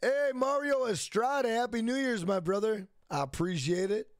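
High-voiced young male streamer, dry mic. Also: normal speed, dry recording. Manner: loose, profane, repeats himself, reads chat aloud. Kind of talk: casual live stream chat.

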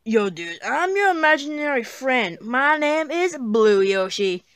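Woman playing chill slacker dinosaur dude, drawling slang, lively pitch, dry close sound. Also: a little slow, clean tone, dry recording, heavily acted. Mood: laid-back. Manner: drawling, says bruh constantly. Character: laid-back male dinosaur imaginary friend, slangy. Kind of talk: plush puppet comedy.

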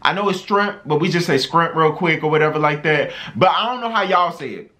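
A North Carolina vlogger with a matching accent reacts to cooking videos loudly and excitedly, exclaiming, shouting and breaking into song. He has a medium-pitched voice and talks fast.

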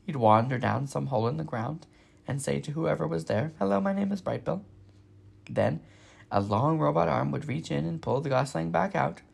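A man reading a children's novel aloud with steady, expressive narration. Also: medium pitch, creaky, husky. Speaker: storybook reader.

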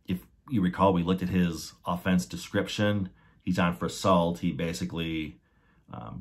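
Man, podcast host, deep voice, breathy edge, methodical explaining. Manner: methodical, restates key points.

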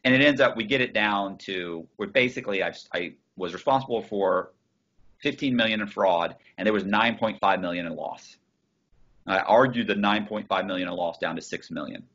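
A man tells his story in a loose, casual way. His voice sits low and husky, and he swears freely and restarts his sentences. The sound comes through a muffled, dull video call line. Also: normal speed, fairly bright tone. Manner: swearing, restarts, quoting others in his telling. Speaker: interview guest.

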